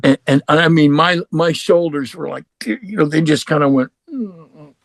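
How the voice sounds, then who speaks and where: A man's voice: a little high, fairly even intonation, moderate pace, vocal fry, no echo. A man from Oregon, a musician guest, telling a personal story in casual talk. He swears freely and acts out both voices in the conversations he recalls. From Oregon, United States.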